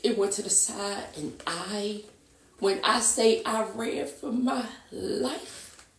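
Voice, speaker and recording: Slow-talking woman, halting and emotional. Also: medium pitch. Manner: halting, repeats herself, acts out quotes. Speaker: guest telling her story. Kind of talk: emotional personal storytelling. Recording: echoey room, voice from a distance.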